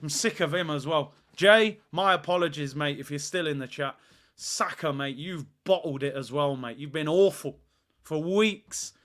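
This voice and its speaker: A man's voice: on the high side, normal speed, fairly bright tone. A man, hosting a live football watch-along and ranting in exasperation and sarcasm.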